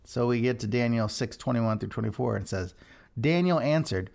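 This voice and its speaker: A man's voice: medium pitch, brisk, vocal fry. A man giving a casual devotional talk, rambling and correcting himself as he retells a scripture story. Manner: rambling, self-interrupting, animated. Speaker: devotional speaker.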